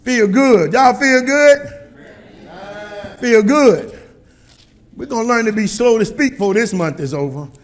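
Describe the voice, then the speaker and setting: A middle-aged male pastor preaching a sermon to his congregation in a church, calling for responses and often shouting. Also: very high voice, expressive, unhurried, pauses often.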